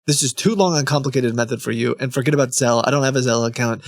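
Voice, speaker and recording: A man's voice: medium pitch, rapid-fire, no echo, natural voice. A man reading aloud as a pleading, reproachful woman who writes love letters, in a mildly dramatic tone. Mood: insistent.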